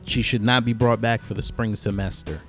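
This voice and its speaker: A man's voice: fairly low pitch, fairly even intonation, moderate pace, faint music behind. A man hosting an online commentary channel, blunt and opinionated, signing off with a joking outro.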